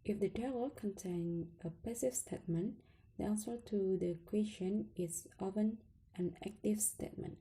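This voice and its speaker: Lady reading grammar skills slowly, really dark mellow voice, mid pitch. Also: poor audio. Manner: slow listing reading, some words whispered. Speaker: student presenter. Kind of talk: reading lesson slides.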